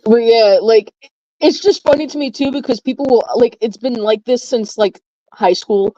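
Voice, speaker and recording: Woman, slightly high voice, casual rambling storyteller in a dry, lo-fi recording. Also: normal speed, mellow, no room sound. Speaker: chat participant. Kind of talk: casual chat.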